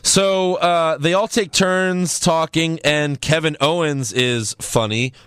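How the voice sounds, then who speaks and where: A man's voice: fairly high pitch, steady tone, slow, a bit bright, smooth, no room sound. A man from New York hosting a casual wrestling recap podcast, laid-back and laughing often. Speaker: podcast host.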